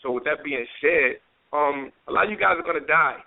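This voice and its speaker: A man's voice: fairly high pitch, fairly quick, gravelly. A man being interviewed as a comedian guest, rambling and boastful with stammering restarts. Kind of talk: casual phone-in interview. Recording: tinny phone line on radio.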